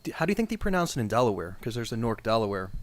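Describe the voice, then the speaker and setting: A man with a New Jersey accent, a podcast co-host chatting in a measured, easygoing way. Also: medium pitch, sing-song, dry recording. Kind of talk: casual podcast chat.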